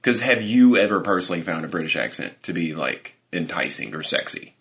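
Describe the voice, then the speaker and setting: A man's voice: low voice, sing-song, a little fast, fairly bright tone. A young man co-hosting a podcast, chatting casually with crude jokes and frequent laughter. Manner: crude, joking, laughs often. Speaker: podcast co-host. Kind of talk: casual chat.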